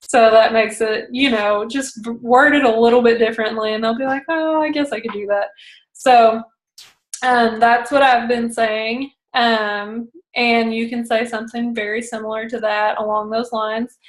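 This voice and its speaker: A woman's voice: fairly high pitch, little pitch movement, unhurried. A young woman giving casual coaching advice on booking parties, chatty and acting out phone calls in quoted voices. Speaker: direct sales consultant coaching a team. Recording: roomy echo.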